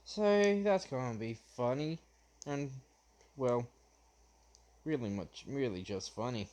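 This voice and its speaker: A young man retelling his fan story off the cuff, halting often with fillers and restarts. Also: a little high, darkish tone.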